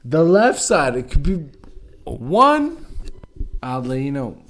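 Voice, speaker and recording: Slow, animated joking man. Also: fairly high pitch. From Chicago, Midwest US. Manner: playful, theatrical, swings loud and soft. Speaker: podcast co-host. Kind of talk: casual podcast banter.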